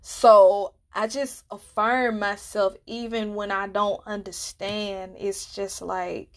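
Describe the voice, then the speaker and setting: Soft-spoken earnest woman, slow delivery. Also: mid-range voice. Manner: earnest and emotional, drops to near whispers. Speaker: podcast host. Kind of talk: reflective monologue.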